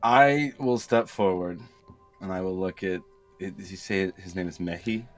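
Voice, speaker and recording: A man playing in a tabletop game, boisterous and excitable, cursing freely. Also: deep voice, moderate pace, faint music behind. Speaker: player.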